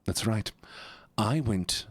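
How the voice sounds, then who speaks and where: Lively, playful man streaming live. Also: lowish voice, slow, breathy edge, no echo. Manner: playful, animated, chatty with viewers. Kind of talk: casual live-stream chat.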